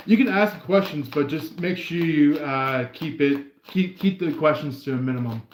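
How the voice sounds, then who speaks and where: A man with a medium-pitched voice hosts a live tarot reading stream, chatting in a rambling, meandering way full of fillers and restarts. The audio sounds roomy, with a bit of hiss or hum.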